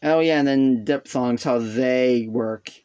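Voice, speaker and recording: A man talks through his self-taught notes in an unhurried, meandering way. His voice sits at an ordinary pitch, and he trips over himself, pokes fun at his own gaps and sounds out vowels mid-sentence. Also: darkish tone, smooth. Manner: rambling, hesitant, self-deprecating; sounds out vowels aloud while explaining. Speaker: hobbyist explaining a language. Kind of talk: casual self-taught explainer.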